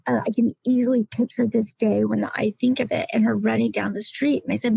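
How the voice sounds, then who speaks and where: A middle-aged woman on a podcast panel, speaking in a reflective, halting way that at times turns emotional. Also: on the high side, fairly even intonation, creaky, darkish tone, slightly rough, dry recording, poor audio. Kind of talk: casual chat.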